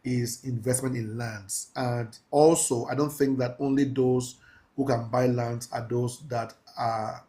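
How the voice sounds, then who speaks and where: A man teaching a mentorship class, talking in a preachy, emphatic way, slowing down to stress key phrases and laughing with his students. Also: mid-range voice, fairly even intonation, dark tone. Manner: laughs often, casual asides to the class. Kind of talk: live class lecture.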